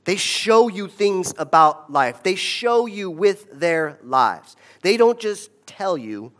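A man's voice: high voice, very animated, slow pace, fairly bright tone. A man giving a conversational storytelling talk, often checking in with his audience. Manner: conversational, asks the audience "right?".

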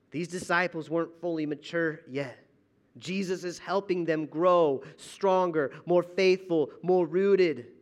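A man pastor preaching a sermon in a church auditorium, dramatic, swinging between loud emphasis and hushed asides. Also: fairly high pitch.

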